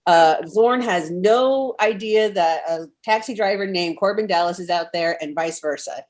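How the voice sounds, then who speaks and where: A woman in her thirties with a somewhat low voice chats casually on a podcast. She rambles with animated energy, full of fillers and quick laughs. She comes through a remote call microphone. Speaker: podcast guest. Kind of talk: casual chat.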